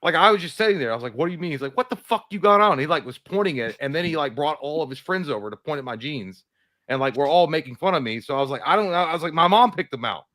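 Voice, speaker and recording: A man's voice: a little high, expressive, racing, a bit bright, no room sound. A man, rambling through self-mocking stories as a podcast co-host in casual chat. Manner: rambling, self-mocking storytelling with voiced impressions.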